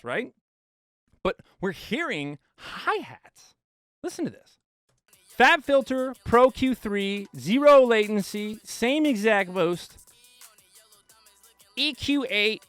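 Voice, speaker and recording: A male mixing engineer giving an animated studio tutorial, with playful asides to viewers. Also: high voice, no room sound.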